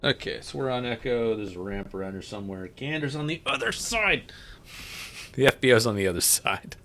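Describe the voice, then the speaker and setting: A man, talking loosely on a livestream. His voice is bright and forward, and he keeps up easy jokes as he tells stories while working the controls. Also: medium pitch, very animated, fairly quick, creaky. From United States. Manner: chatty storyteller, joking while flying. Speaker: livestream host and pilot. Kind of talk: casual livestream chat.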